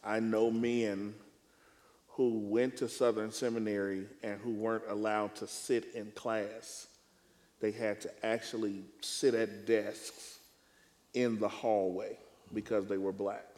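A male preacher speaking in a panel discussion on preaching, with a measured, emphatic, deliberate way of phrasing. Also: lowish voice, little pitch movement, darkish tone, in a large hall.

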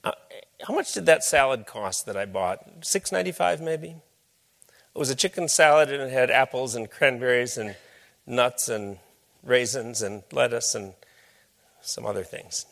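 A man's voice: medium pitch, unhurried, vocal fry, fairly bright tone. A man giving a lecture with slides, talking in a conversational, storytelling way. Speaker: speaker.

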